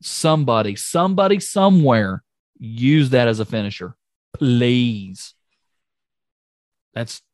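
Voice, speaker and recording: A man co-hosting a podcast in casual chat, excitable and jokey, often trailing off and restarting. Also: medium pitch, dry recording, studio quality. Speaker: podcast co-host recapping wrestling.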